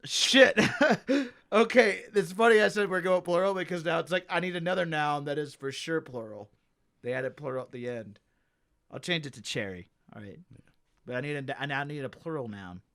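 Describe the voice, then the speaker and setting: A man's voice: on the high side, normal speed, a bit bright. A young man co-hosting a comedy podcast, rambling in casual chat and hedging his points. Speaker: podcast co-host.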